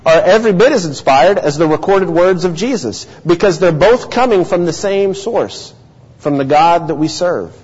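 A man's voice: a little high, darkish tone, slightly rough. A man preaching a sermon, teaching earnestly and asking rhetorical questions. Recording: dull lo-fi audio with long hall reverb.

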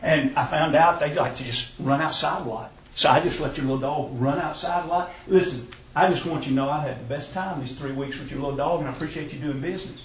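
A smooth, self-satisfied dog trainer, as a preacher puts him on, talking softly and reassuringly. The voice sits a little high and sounds distant and muffled. It comes through an echoey room. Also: male voice, quick pace, few pauses, slight background noise, lightly acted. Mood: smug. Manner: soft, reassuring, chatty.

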